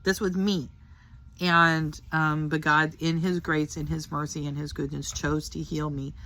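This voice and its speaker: Low-voiced older woman giving earnest testimony. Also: flat delivery, a little slow, fairly bright tone. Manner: earnest, heartfelt and rambling. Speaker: Christian testimony speaker. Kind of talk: casual personal testimony to camera.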